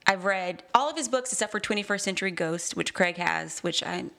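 A woman's voice: mid-range voice, a little fast, vocal fry, bright, forceful tone. A woman co-hosting a podcast, chatting casually and enthusiastically, often trailing off mid-sentence. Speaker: podcast co-host. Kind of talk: casual chat.

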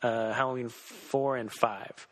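A man co-hosting a podcast in casual chat, talking excitedly with many restarts. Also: medium pitch, slow, poor audio. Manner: excitable, lots of fillers and restarts. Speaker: podcast co-host.

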